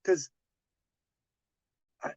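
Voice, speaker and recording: A man chats casually with viewers on a live stream, telling a rambling story full of restarts and quoted dialogue. He speaks very slowly in a mellow voice. The sound is dull, lo-fi and dry, with no echo.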